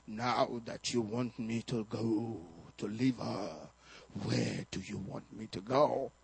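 A man voicing a menacing male demon that speaks through a possessed woman, asking its question slowly and insistently. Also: steady tone, creaky, a little mellow, husky, exaggerated voice. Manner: slow, low, insistent questioning.

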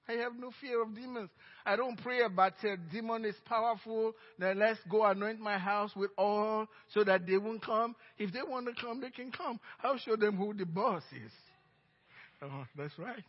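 Nigerian male pastor, husky high voice, emphatic storytelling, dull recording with long church reverb. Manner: emphatic storytelling, swinging between loud and hushed. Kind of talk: sermon. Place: church sanctuary.

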